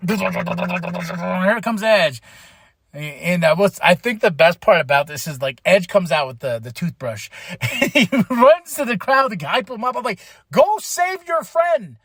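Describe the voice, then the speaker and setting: A young man from Texas hosting a podcast, excitedly recapping wrestling matches in a loose, swearing, animated way. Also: high voice, measured pace, vocal fry, breathy edge, dry recording, studio quality. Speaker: podcast host.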